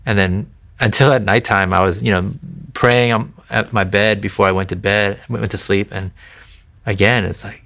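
Briskly and earnestly, an interview guest of Thai family background tells his faith testimony in a conversational way, full of restarts and "you know." His voice sits on the low side, creaky and a bit bright, with a steady tone.

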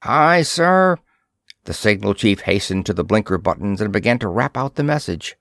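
Brief: male storyteller with a lively, expressive read and a dry, close sound. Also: lowish voice, a little fast, creaky, no echo. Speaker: audiobook narrator. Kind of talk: scripted narration.

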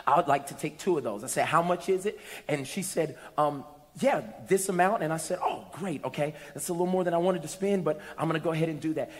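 High-voiced preacher in a reverberant hall. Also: male voice. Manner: storytelling, rising to shouts and playful asides. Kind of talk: sermon. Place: large church hall.

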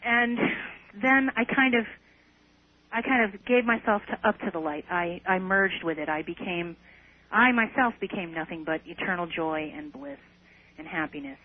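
A woman's voice: fairly low pitch, lively intonation, moderate pace. A woman guest in an interview, earnestly recounting a personal experience with some hesitant restarts. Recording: tinny phone line on radio.

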